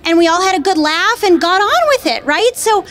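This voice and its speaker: A woman's voice: extremely high pitch, lively intonation, moderate pace, fairly bright tone. A woman doing a stand-up routine, conversational and checking in with the crowd. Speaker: stand-up comedian. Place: comedy venue with live audience.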